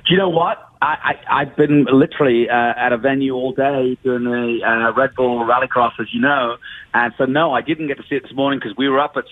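A man calling into a motorsport radio show, talking earnestly with halting restarts. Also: mid-range voice, steady tone, no room sound. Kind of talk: casual radio talk. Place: event venue in the field. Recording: tinny phone line.

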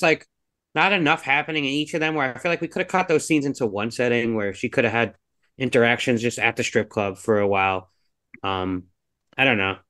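A man's voice: mid-range voice, fairly bright tone. A man co-hosting a podcast in casual chat, rambling and hedging with lots of fillers as he gives his views. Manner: rambling, hedging, heavy on fillers like "like" and "you know". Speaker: podcast co-host reviewing a film.

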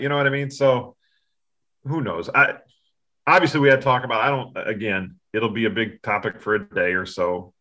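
Bright-voiced man talking sports. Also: medium pitch, moderate pace. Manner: rambling, self-interrupting. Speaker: sports podcast co-host. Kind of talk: casual sports talk.

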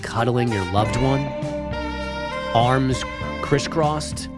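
A man voicing a sultry male ad announcer in a mock sexy ad read, slow and teasing. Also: mid-range voice, loud music behind the voice. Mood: seductive. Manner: slow, breathy, teasing delivery.

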